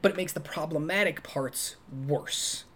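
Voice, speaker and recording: A man co-hosting a casual movie review chat, talking animatedly and acting out quoted lines in a high voice. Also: a little slow, bright, forceful tone. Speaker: podcast co-host.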